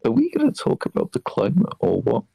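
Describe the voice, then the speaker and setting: A man voicing a befuddled male alien calling in from a far planet, with a hesitant, deadpan, oddly literal way of talking. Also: medium pitch, brisk, gravelly, slightly rough, exaggerated voice. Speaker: caller.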